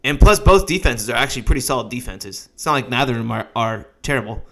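A man's voice: mid-range voice, expressive, quick pace, fairly bright tone. A man co-hosting a casual sports podcast, laid-back and cussing casually as he runs through player names and picks. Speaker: podcast co-host.

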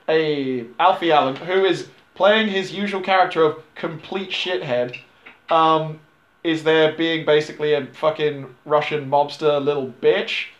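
A man recapping a movie plot in a casual, rambling, profane way, sometimes dropping into quick character voices. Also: a little high, steady tone, highs cut off. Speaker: podcast host recapping a film. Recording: echoey room.

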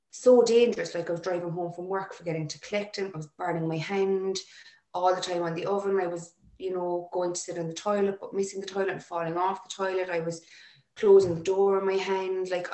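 Woman talking emotionally, stops and restarts a lot, lowish voice, roomy echo. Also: a little mellow. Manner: emotional, halting, frequent restarts. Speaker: interview guest. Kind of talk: personal storytelling. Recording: echoey room.

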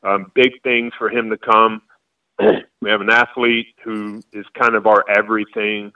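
A man in his forties, a high school football coach from Florida, answering interview questions in a rambling way with halting restarts. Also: little pitch movement, distant mic, lo-fi sound.

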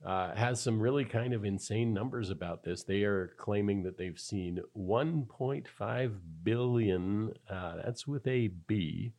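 A man's voice: lowish voice, unhurried, few pauses, darkish tone. A man co-hosting a tech podcast, explaining security news in a wry, chatty way. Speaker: podcast co-host. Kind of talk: casual tech podcast chat.

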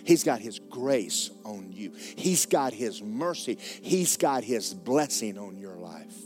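A man's voice: lowish voice, big pitch swings, takes it slowly, darkish tone, faint music behind. A man preaching a sermon as pastor, folksy and joking, repeating words for effect.

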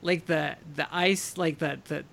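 High bright-voiced rambling man. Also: fairly even intonation, unhurried, creaky. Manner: rambling with many fillers. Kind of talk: casual chat.

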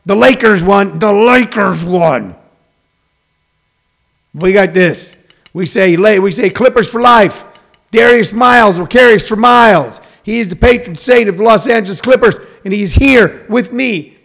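A man hosts a casual opinion show, his voice sitting high and carrying a gravelly rasp. He talks in an animated, rambling way, stacking fillers as he goes. His delivery stays loose and conversational. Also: moderate pace. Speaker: host.

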